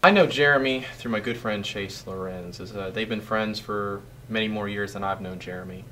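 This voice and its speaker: A man's voice: fairly low pitch, normal speed, bright, forceful tone. A young adult man who is a wedding guest, speaking with dry humor in a casual interview. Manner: dry, joking. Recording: distant mic with faint noise.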